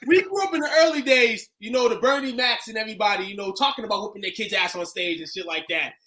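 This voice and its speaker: Podcast co-host, man, high bright voice, animated and profane storyteller. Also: quick pace. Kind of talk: casual podcast chat. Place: podcast studio.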